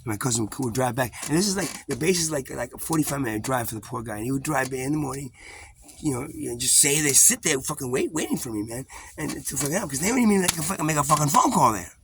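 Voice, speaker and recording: A man's voice: mid-range voice, animated, fast talker, noisy background. A man telling a casual personal anecdote in a rambling way, full of restarts, swearing and laughs between words. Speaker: storyteller.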